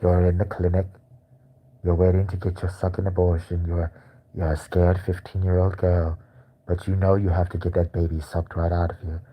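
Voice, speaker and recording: A man voicing a creepy, mock-soothing male ASMR narrator, talking slowly and gently in a lowered voice. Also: level tone, rough recording.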